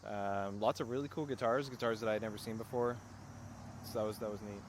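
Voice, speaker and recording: A man's voice: lowish voice, fairly even intonation, fast talker, slight background noise. A man chatting as a reluctant podcast guest, speaking briefly and hesitantly with many fillers. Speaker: podcast guest, co-host's partner. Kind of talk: casual chat. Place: outdoors, in a parked car.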